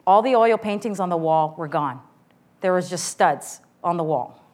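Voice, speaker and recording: A woman's voice: lowish voice, expressive, normal speed, a little mellow. A middle-aged woman giving an earnest, candid personal testimony before a church audience.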